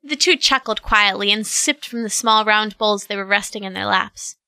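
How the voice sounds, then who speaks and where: A woman narrating an audio drama in a smooth storytelling manner. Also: mid-range voice, normal speed, bright, forceful tone, no room sound.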